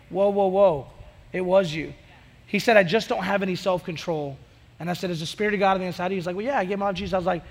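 A man preaching a sermon as a youth pastor, energetic and conversational, acting out bits of dialogue. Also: sits high, big-room sound.

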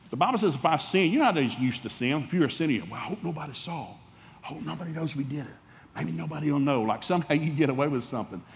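A man preaching a sermon in a folksy, animated, humorous way, acting out little dialogues as he goes. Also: fairly high pitch, long reverb tail. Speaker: pastor.

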